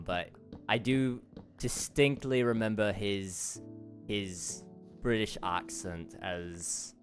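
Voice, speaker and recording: A young man hosts a live gaming stream, his lowish voice a bit bright. He chats casually, laughs often and answers his chat out loud.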